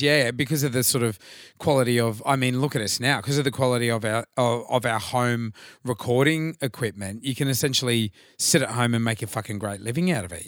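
A man's voice: medium pitch, dry recording, clean studio sound. A man with an Australian accent co-hosting a podcast, chatting loosely, swearing freely and calling people mate. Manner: loose, swearing, animated, matey. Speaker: podcast co-host. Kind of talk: casual chat.

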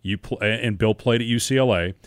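A man hosting a sports podcast, asking questions in a relaxed, conversational way. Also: fairly low pitch, brisk, no room sound, clean studio sound. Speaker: podcast host and sports broadcaster. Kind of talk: casual interview chat.

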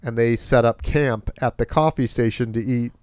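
A man's voice: mid-range voice, moderate pace, a little mellow, smooth, dry recording, clean studio sound. A man co-hosting a podcast in casual chat, with wry, teasing remarks. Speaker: podcast co-host.

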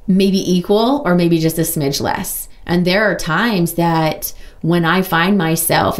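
A woman hosting a podcast, talking openly and casually about her own life, with lots of "like" and quick asides. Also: fairly low pitch. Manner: open, chatty, full of "like" and quick asides. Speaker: podcast host. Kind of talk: candid personal monologue.

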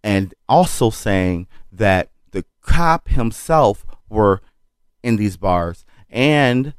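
Low-voiced comedian telling a story, dry sound. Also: male voice, extremely slow, clear, resonant tone, no room sound. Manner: animated, profane, acts out quotes. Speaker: comedian guest. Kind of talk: casual storytelling on a podcast.

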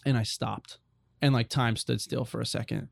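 A man's voice: mid-range voice, steady tone, normal speed, creaky. A young adult man telling a personal faith story as a guest, earnest and rambling with many restarts.

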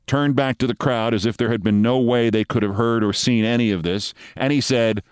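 A man's voice: mid-range voice, steady tone, fairly quick, hardly any pauses, smooth, no echo. A man hosting a show, telling a long story in a wry, theatrical monologue from a studio. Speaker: host.

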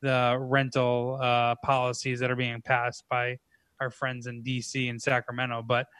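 A man's voice: medium pitch, monotone, a little slow, a bit bright, smooth, no room sound. A man co-hosting a casual chat, joking and riffing with made-up theories. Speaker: podcast co-host.

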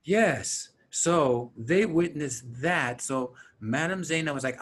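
A man's voice: a little high, takes it slowly, slightly rough. A man co-hosting a podcast, chatting casually about a film and acting out its characters. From Mexican-American. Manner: animated, acts out film characters. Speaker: podcast co-host. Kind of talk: casual movie chat.

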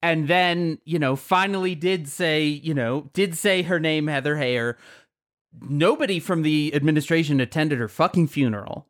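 A man's voice: a little high, fairly bright tone. A man co-hosting a podcast, talking politics in a blunt, indignant and profane way. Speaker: podcast co-host. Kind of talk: casual political chat.

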